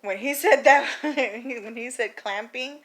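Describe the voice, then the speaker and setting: A woman telling a story in a casual vlog, animated, acting out the people in it and laughing often. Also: on the high side, takes it slowly. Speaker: vlogger.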